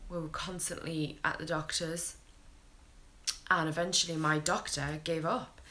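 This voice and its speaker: A British woman with a low, deep-set voice talks straight to camera like a tired young mother. She is frank and unfiltered and swears freely as she tells her story in a casual vlog. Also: level tone, measured pace, bright, forceful tone. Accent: British English. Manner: blunt, candid, swears freely.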